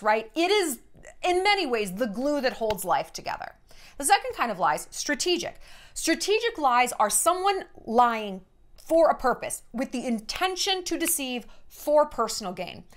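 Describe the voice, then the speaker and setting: A woman in her thirties talking to camera in a casual, sarcastic vlog, acting out quotes as she tells stories. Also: high voice. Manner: chatty, sarcastic, animated quoting of others. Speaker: vlogger. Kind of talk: casual storytelling monologue.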